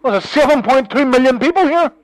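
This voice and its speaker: A man argues on a call, his voice pitched high and recorded dry and close. He is scornful and combative, and he swears constantly. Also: lively intonation, fairly quick, no echo, rough recording. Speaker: phone call participant. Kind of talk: heated phone argument.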